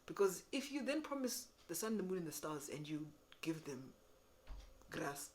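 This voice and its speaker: A young woman giving business advice to camera, animated and sassy, acting out customers in quick voices. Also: fairly low pitch, slight background noise. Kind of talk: casual advice talk to camera.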